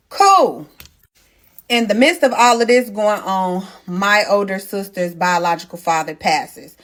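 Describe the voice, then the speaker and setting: A young pregnant woman hosting a casual storytime, telling her story in an animated, blunt way, swearing freely and talking straight to her viewers. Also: mid-range voice, unhurried. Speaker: storytime host.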